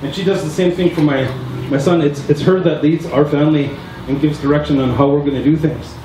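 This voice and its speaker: A man's voice: fairly high pitch, steady tone, brisk, noisy background. A middle-aged man from the Tsleil-Waututh Nation in Canada, a chief telling earnest stories to a gathering, with many repetitions. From Tsleil-Waututh Nation, British Columbia, Canada. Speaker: chief giving a speech. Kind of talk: spoken address to a gathering. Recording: echoey hall, distant mic, audience heard.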